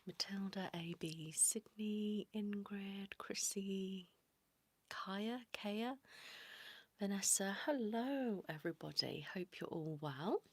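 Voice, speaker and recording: A woman hosting a whispered ASMR livestream, greeting viewers by name in a soft whisper. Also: medium pitch, slow, slightly rough, no echo. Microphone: close sensitive mic.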